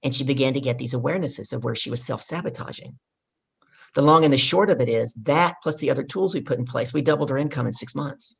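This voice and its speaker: A woman business coach, a podcast guest, telling a lively story and acting out what people said. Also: rumbling low, fast talker, creaky, husky. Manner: animated storyteller who acts out dialogue. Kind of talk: storytelling interview.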